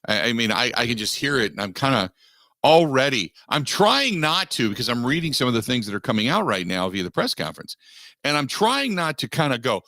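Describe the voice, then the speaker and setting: Man, sports radio host, bright forceful voice, dry close studio sound, animated monologue. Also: medium pitch, brisk, dry recording. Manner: animated, mock-quoting others in asides.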